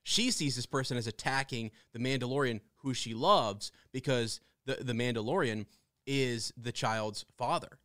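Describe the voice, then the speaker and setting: A man co-hosting a podcast, telling stories with excited, animated energy and frequent restarts. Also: medium pitch, normal speed, no echo, studio quality. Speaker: podcast co-host. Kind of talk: casual fan discussion.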